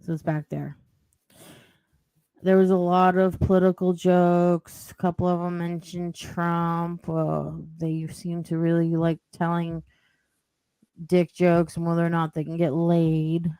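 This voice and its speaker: A woman's voice: fairly low pitch, little pitch movement, a little slow, mellow, clean tone, no echo. A woman telling a rambling story as a podcast guest, with lots of "like" and "you know". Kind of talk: casual storytelling.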